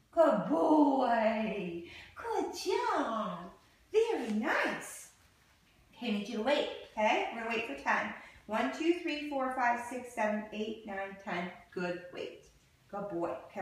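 A woman dog trainer with a voice set a little high gives cheerful, coaxing praise to a puppy as she films him at home. Her voice rings through a very echoey space and lands from some distance away from the mic. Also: slight background noise. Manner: cheerful praise and sing-song baby talk to a puppy. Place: home, indoors then outdoors.

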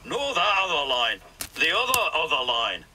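A man's voice: on the high side, sing-song, moderate pace, pushed and bright, a little hiss or hum, heavily acted, low-quality recording. Donald, a man doing a huffy proud twin steam engine. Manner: huffy, snapping and cross.

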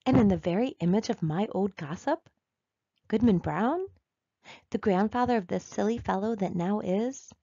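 A woman's voice: mid-range voice, moderate pace, mellow, no echo, dull audio, natural voice. A woman reading aloud, voicing a sly, cackling old witch who poses as pious.

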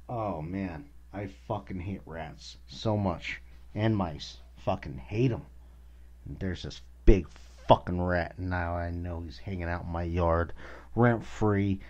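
A man with a very low voice hosts a podcast and rants with anger, cursing in nearly every line. The audio sounds dull and lo-fi. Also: darkish tone. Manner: angry, swears constantly. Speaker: podcast host. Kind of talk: casual profane rant.

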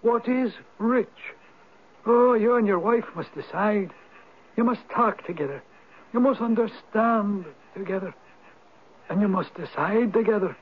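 An actor playing an ancient Viking spirit turned Irish hermit who speaks in a measured, knowing, gently probing way, in a 1970s radio drama. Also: male voice, sits high, slightly rough. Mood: instructing. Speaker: Old Man of the Rock. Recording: tinny lo-fi old radio broadcast.

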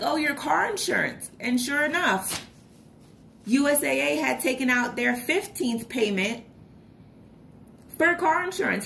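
Chatty woman with a gravelly edge. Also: a little high, a little hiss or hum. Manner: chatty storytelling, animated retellings. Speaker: vlogger. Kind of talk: casual chat while budgeting.

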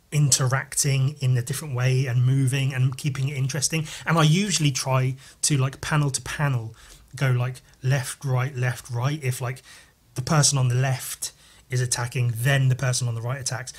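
A man hosting a podcast, over-caffeinated and chatting casually while flipping through comics. He rambles and swears, with jumpy, excited talk. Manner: wired, rambling and profane, jumping in pitch. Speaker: podcast host and comic artist.

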